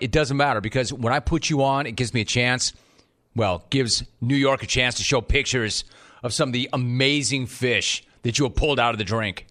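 A man hosting sports talk radio, taking calls with a sarcastic, rapid-fire manner. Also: medium pitch, bright, forceful tone. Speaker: radio show host.

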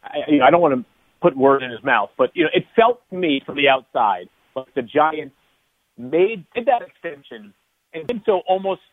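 A man talks through a tinny phone line as a radio guest, somewhat high for a man. His speech rambles, full of restarts and fillers, and the sound is dry. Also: very animated, moderate pace, no room sound. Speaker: guest analyst. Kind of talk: phone-in radio sports analysis.

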